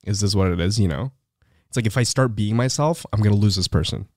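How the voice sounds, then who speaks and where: Low-voiced young man in casual chat. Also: darkish tone, no room sound, clean studio sound. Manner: laid-back, agreeing, quick to laugh. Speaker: podcast co-host.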